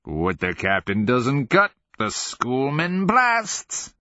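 A man voicing a gleeful, mocking mercenary captain in an audiobook, drawling slowly, in a dry and slightly dull studio recording. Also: mid-range voice, wildly swooping pitch, bright, forceful tone, no room sound, pitched above the performer's own voice, full character voice.

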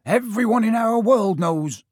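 A man voicing a huge, gruff, warm-hearted giant of a man with a rustic dialect, reading from a storybook. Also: high voice, lively intonation, a little slow, dry recording, studio quality, voice pushed up. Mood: worried, confiding.

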